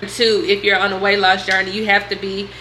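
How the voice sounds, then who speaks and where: A young woman runs a candid Q&A vlog, chatty and full of slang, and she is tearful at times. Her medium-pitched voice is brisk and sharp yet completely flat in delivery, heard in a reverberant space with slight background noise.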